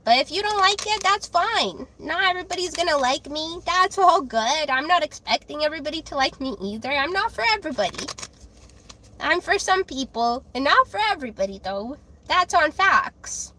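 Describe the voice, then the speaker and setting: A woman's voice: sits high, animated, moderate pace, sharp tone, slight background noise. A woman tarot reader chatting casually on her live stream. She talks bluntly and defensively, with lots of fillers and restarts.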